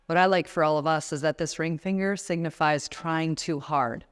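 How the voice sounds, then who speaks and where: A woman's voice: low-pitched, steady tone, moderate pace, smooth. A woman in her forties giving a motivational talk at a conference, guiding the audience through breathing exercises and speaking directly to them. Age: 40s. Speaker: guest speaker. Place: conference room before a seated audience.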